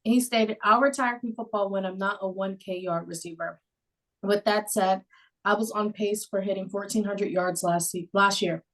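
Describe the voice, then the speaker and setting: A woman co-hosting a casual sports podcast, relaxed as she brings up news items. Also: mid-range voice, moderate pace, rough recording. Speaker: podcast co-host.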